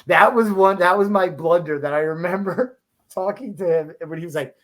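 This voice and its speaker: A man's voice: sits high, moderate pace, a bit bright. Rambling, laughing male podcast host. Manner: rambling, with many restarts, laughing through his stories. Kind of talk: casual conversational storytelling.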